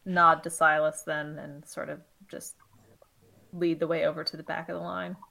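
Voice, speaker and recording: A woman's voice: low-pitched, level tone, normal speed, gravelly, crowd noise, rough recording. A woman playing a tabletop game, talking casually and hesitantly, with many fillers. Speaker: player.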